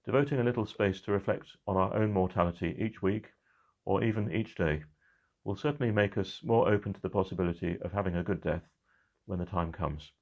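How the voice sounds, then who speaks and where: A middle-aged man, a church minister, giving a measured, reflective midweek talk that slows on key phrases. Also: low-pitched, a little mellow.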